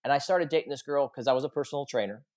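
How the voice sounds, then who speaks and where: A man's voice: medium pitch, very fast, darkish tone. A man in his forties, a podcast guest, telling a heartfelt personal story in an earnest, confessional way and acting out the dialogue. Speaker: podcast guest, coach and author.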